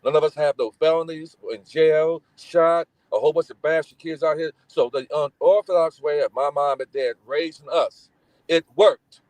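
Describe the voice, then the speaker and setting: A man's voice: fairly high pitch, moderate pace, dry recording, low-quality recording. A middle-aged man from Gary, Indiana, telling family stories in casual talk, acting out the voices of people in them. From Gary, Indiana, United States. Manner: animated, acts out voices in his stories. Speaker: guest. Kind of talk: casual storytelling.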